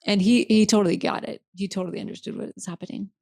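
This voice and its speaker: A woman's voice: medium pitch, steady tone, fast talker, vocal fry, a little mellow, husky, no room sound. Woman podcast host, candid and emotional storyteller, dry close sound. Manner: candid, heartfelt, laughs easily.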